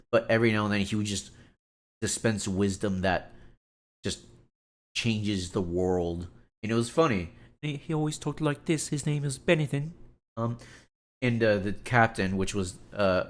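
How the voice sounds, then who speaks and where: Low-voiced man ranting on a live stream. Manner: animated, exasperated and rambling, with lots of "like". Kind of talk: casual live-stream commentary.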